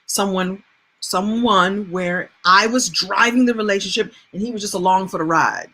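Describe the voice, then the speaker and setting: A woman host telling a personal story in a chatty, animated way. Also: mid-range voice, normal speed. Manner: animated, chatty, laughs as she tells. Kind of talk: casual storytelling monologue.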